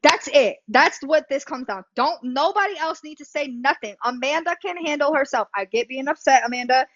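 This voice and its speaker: A woman's voice: high voice, lively intonation, moderate pace, dry recording, lo-fi sound. A woman hosting a livestream, talking bluntly and emphatically, swearing and repeating herself. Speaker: livestream host. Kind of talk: heated livestream talk.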